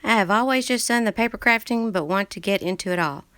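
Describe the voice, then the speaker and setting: A woman with a mid-range voice talks at a quick pace, her tone clean and fairly bright, in a dry, clean studio recording. She's the host of a crafting channel, livestreaming casually from her craft room full of books, chatting in a scattered way and greeting viewers as she reads their chats aloud.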